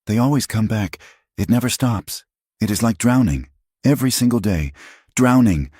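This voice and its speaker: A man's voice: on the low side, moderate pace, mellow, no room sound, clean studio sound, voice pushed up, natural voice. A man voicing a frightened, desperate young woman who talks in a choked, pleading way in an audiobook western.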